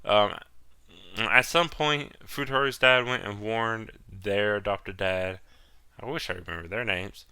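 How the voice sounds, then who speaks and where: A man's voice: on the low side, a little slow, bright, forceful tone, smooth, dry recording. A man hosting a solo podcast, rambling casually and swearing as he recaps a film. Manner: rambling, loose and profane, drops into mock quotes. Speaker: podcast host.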